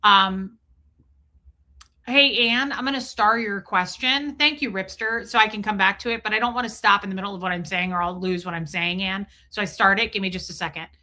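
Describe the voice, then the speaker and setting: A woman's voice: mid-range voice, steady tone, a little fast, sharp tone. A middle-aged woman from the Midwest chatting casually on a livestream, reading viewer comments aloud. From Nebraska, raised in Kansas City area. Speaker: livestream host reading chat. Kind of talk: casual live-stream chat.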